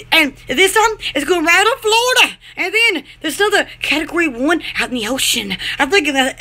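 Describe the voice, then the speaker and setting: Super high bright-voiced lady rambling to her camera, giggly, swoops all over. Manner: giggly and theatrical, often breaking into laughter. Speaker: vlogger. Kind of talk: rambling casual chat to camera.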